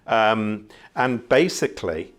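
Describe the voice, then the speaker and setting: A middle-aged man from the Channel Islands speaks in a fairly low voice. He talks like a seasoned ship captain telling a story, reflective and unhurried, with plenty of "um"s along the way. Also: expressive. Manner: reflective, unhurried, many fillers. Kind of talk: conversational storytelling.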